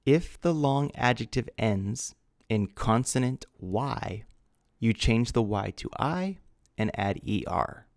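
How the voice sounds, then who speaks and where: Slow, gravelly teacher. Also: male voice, medium pitch, lively intonation, no room sound, clean studio sound. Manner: spells out words letter by letter, patient and deliberate. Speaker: English teacher. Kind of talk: slow grammar lesson.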